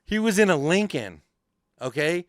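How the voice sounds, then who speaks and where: A man on a podcast spins a story with a lively voice that jumps up and down in pitch, cursing at every turn and acting out the people in it. His voice is smooth and full, and the room is dry and close. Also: moderate pace, no room sound. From California. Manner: animated, swears constantly, acts out voices in his stories. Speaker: podcast host. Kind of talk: casual profane storytelling. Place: podcast studio.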